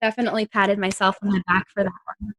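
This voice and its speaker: A woman's voice: mid-range voice, fast talker, no echo. Giggly woman telling stage stories. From New York. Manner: giggly, animated storyteller. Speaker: actress guest. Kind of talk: casual interview chat.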